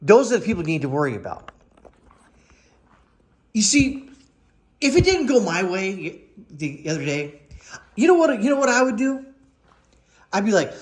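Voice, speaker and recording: A sarcastic man in his forties talks through casual commentary, often mimicking others with whiny put-on voices. His voice sits high, and his pitch swings widely from phrase to phrase. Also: very animated, moderate pace, long pauses. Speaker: political commentator.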